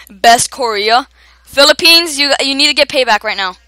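A young woman giving excited gameplay commentary, often shouting at other players and laughing. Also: high voice, dry recording. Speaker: gamer.

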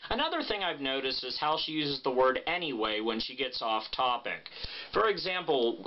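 A man's voice: medium pitch, normal speed, a little hiss or hum. A man vlogging casually, joking and blunt, swearing freely as he talks. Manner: animated, joking, blunt and profane. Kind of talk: casual vlog talk. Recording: muffled lo-fi sound.

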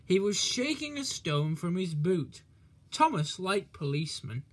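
A man reading a children's storybook aloud in a gentle, measured way. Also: high-pitched, big pitch swings.

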